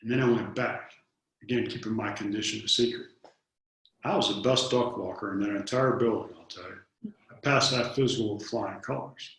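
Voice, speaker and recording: A man's voice: on the low side, moderate pace, a bit bright. A man in his fifties from Detroit, telling personal stories in an interview and acting out the dialogue, often repeating his first words. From Detroit, United States. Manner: earnest storyteller, acts out dialogue, repeats words when starting a thought. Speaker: interview guest. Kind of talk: storytelling in an interview. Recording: very echoey room.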